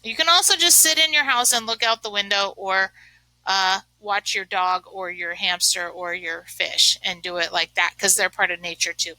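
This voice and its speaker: A woman's voice: medium pitch, moderate pace, pushed and bright, dry recording, poor audio. A woman teaching a remote lesson, chatting and thinking aloud as she writes, with many fillers. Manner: chatty, uses lots of fillers. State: sneezing from allergies.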